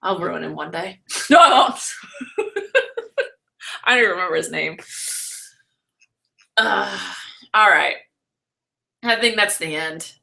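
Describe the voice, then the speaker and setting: A young woman vlogger chatting and ranting on a live stream, animated and laughing often. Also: lowish voice, a little slow, gravelly, long pauses.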